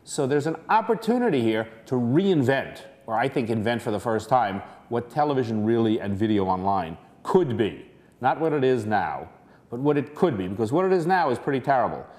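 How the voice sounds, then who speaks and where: A man's voice: medium pitch, big pitch swings, brisk, darkish tone. A man presenting a lecture as an earnest, persuasive, conversational story.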